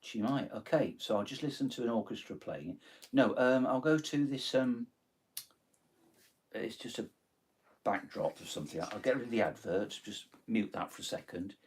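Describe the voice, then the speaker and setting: This Nottingham man, his East Midlands accent clear, has a mid-range voice with lively intonation and a breathy edge, talking at an ordinary pace. It's casual live-stream chat: he takes song requests while rambling, hesitating, saying um a lot and correcting himself.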